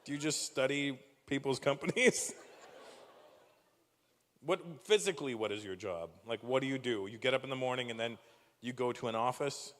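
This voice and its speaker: A man's voice: medium pitch, normal speed, fairly bright tone, in a large hall. A male stand-up comedian from Canada doing crowd work on stage, firing teasing, profane questions at the audience.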